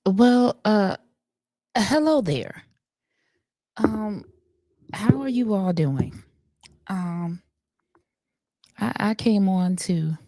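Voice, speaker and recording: A woman doing an impression of a soft-spoken, gentle woman who greets live stream viewers slowly and hesitantly, with many ums and uhs. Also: medium pitch, no echo, studio quality, pitched below the performer's own voice.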